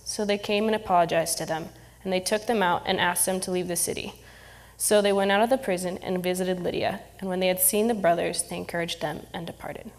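A woman reading a Bible passage aloud in church, steady and measured. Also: medium pitch. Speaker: scripture reader. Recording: long reverb in a church hall.

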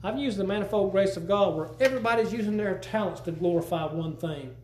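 A man's voice: high-pitched, fast talker, darkish tone, a little hiss or hum. A man preaching a sermon in a church, folksy and emphatic, often repeating words as he teaches. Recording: roomy church echo.

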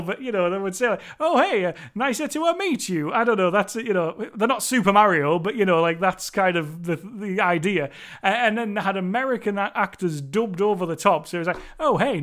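Chatty high-voiced male podcast host. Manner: chatty, rambling, enthusiastic with restarts. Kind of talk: casual solo podcast review.

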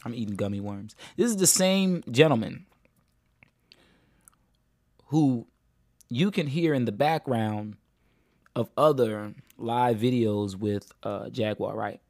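A man's voice: mid-range voice, slow, long pauses, darkish tone, dry recording, studio quality. A man hosting a casual commentary, talking straight to viewers and repeating phrases as he restarts. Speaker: commentary host.

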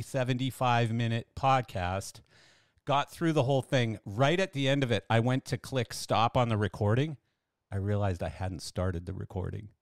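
A man's voice: medium pitch, smooth, no room sound, studio quality. An older man hosting a podcast, telling stories in a chatty, enthusiastic way with lots of fillers. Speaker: podcast host. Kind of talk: casual podcast monologue.

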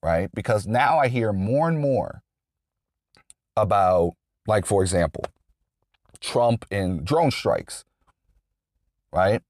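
Low-voiced man in a dry, rambling monologue. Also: animated, takes it slowly, long pauses, a little mellow, dry recording. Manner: rambling, restarts often, many fillers. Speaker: political commentator. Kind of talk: unscripted political monologue.

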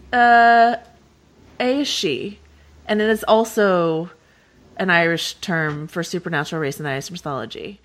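A woman's voice: lowish voice, measured pace. Chatty woman podcast host. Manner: chatty, laughs often, frequent fillers. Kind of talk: casual podcast chat.

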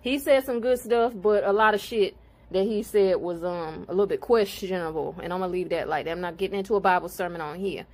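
A woman's voice: fairly low pitch, brisk, darkish tone. A woman spiritual card reader and healer talking casually to her viewers, blunt and profane, growing heated and preachy.

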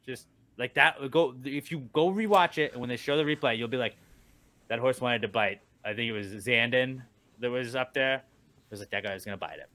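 Man, bright voice, casual podcast host, animated storytelling, curses a lot. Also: medium pitch, brisk, no echo. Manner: animated storyteller, swears freely, acts out quotes. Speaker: radio morning show host.

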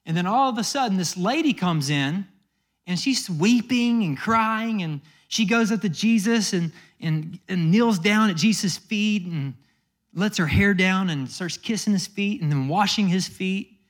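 A high-pitched man preaches a sermon in a chatty, storytelling way. He slips into little acted-out voices for the people in his stories. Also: measured pace. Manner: conversational storytelling with acted quotes. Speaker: pastor.

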